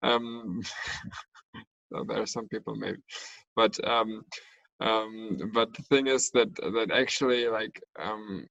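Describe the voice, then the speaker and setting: A man's voice: lowish voice, takes it slowly, gravelly, pauses often, a bit bright. Hesitant man, dull lo-fi sound. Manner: hesitant, lots of fillers. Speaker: podcast co-host. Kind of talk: casual podcast chat.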